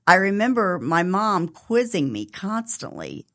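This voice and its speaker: A woman in her sixties, a podcast guest, telling her life story in an earnest, soft-spoken way. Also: mid-range voice, sing-song, unhurried. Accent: Southern Ohio. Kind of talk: reflective personal interview.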